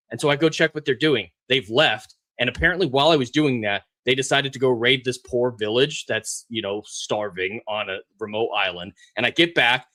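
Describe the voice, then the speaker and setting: A man's voice: mid-range voice, fairly quick, pushed and bright. A man co-hosting a casual podcast chat, ranting sarcastically and mimicking characters as he tells stories. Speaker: podcast co-host.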